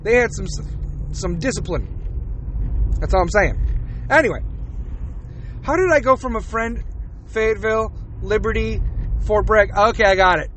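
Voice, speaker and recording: A man's voice: high-pitched, measured pace, long pauses, fairly bright tone, a little hiss or hum. A man hosting a podcast, ranting in a casual, profane monologue and laughing between rants. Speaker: podcast host.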